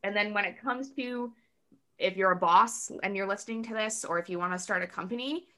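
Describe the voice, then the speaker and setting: A woman in a casual podcast chat, heavy on "like" fillers, who bursts into animated voices when she quotes people. Her tone is bright and forward, and her pitch sits in a middle range. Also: fairly quick. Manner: chatty, acts out quotes in lively voices; many "like" fillers. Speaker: podcast guest.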